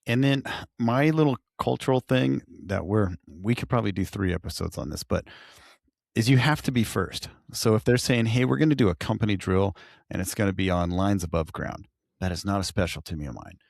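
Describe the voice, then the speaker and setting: Podcast co-host, man, gravelly and lowish, dry close sound, storyteller. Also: brisk, dry recording. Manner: storytelling, animated when quoting others. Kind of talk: casual podcast chat.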